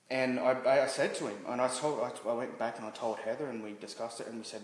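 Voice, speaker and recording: A man being interviewed as a guest, telling a personal story candidly, halting and restarting with many fillers. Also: mid-range voice. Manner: halting, frequent restarts and "you know" fillers. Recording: roomy reverberant room with faint noise.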